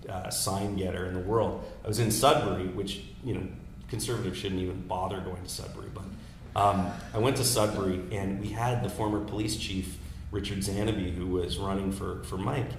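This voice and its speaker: A man in his thirties, a political strategist, telling campaign stories in casual, animated talk with many restarts. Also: sits low, brisk. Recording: echoey room with faint noise.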